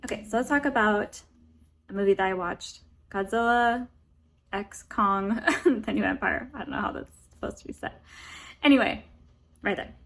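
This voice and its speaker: A woman's voice: medium pitch, fairly bright tone. Rambling, chatty woman reviewer. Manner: rambling, heavy on fillers like "like" and "um"; blunt, laughs between points. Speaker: book and film reviewer. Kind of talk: casual chat.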